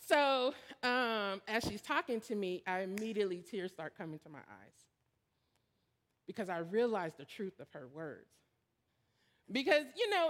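A woman preacher giving a sermon in a candid, storytelling way, building to emphatic points. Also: fairly high pitch. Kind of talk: conversational sermon.

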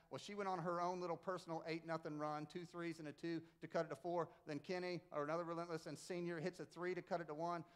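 Middle-aged male preacher with a high voice; chatty sermon, animated storytelling, punchy jokes. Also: clean tone. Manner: animated storyteller, emphatic, jokey asides. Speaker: pastor and basketball coach. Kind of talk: conversational Easter sermon. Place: church sanctuary with congregation.

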